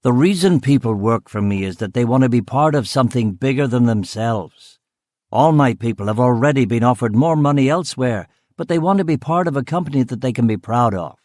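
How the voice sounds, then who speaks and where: A man voicing a brash, boastful male car company boss who talks loudly and emphatically. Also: medium pitch, lively intonation, no room sound, clean studio sound, lightly acted. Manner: loud, emphatic, quick to anger.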